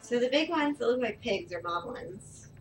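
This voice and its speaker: A woman's voice: fairly high pitch, lively intonation, moderate pace, music in the background. Playful woman coaching a gamer, distant mic. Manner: playful, giggly, coaching from the side. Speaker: streamer and co-host. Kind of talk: casual chat while watching gameplay. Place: home living room. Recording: distant room mic with background noise.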